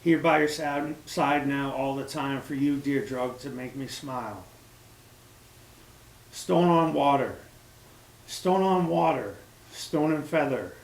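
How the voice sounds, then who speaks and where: A man reading his own poetry aloud at a cafe meeting, in a measured, recited way. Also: mid-range voice. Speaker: poet at a reading. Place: small cafe gathering room. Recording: echoey room with faint ambience.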